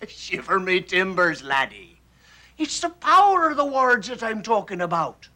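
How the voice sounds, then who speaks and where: A man's voice: high voice, very animated, unhurried, bright, forceful tone, exaggerated voice. A man voicing a boisterous old pirate captain who tells sea stories, with a hearty pirate brogue, in an educational cartoon.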